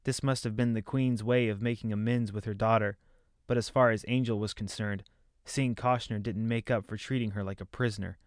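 A man reading a fantasy novel aloud as narrator, in measured storytelling. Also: fairly low pitch, fairly even intonation, dry recording, studio quality. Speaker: audiobook narrator.

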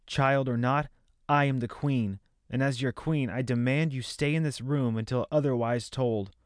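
Male narrator doing a proud queen mother: commanding, forceful, dry close read. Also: mid-range voice, fairly even intonation, normal speed, no room sound, close to an everyday voice.

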